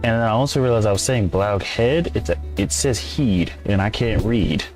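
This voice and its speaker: Casual male streamer, slightly low voice, chats loosely with viewers, faint music underneath. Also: brisk, a little mellow. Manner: chatty, rambling, reads and answers chat. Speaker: gameplay streamer. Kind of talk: casual live-stream commentary.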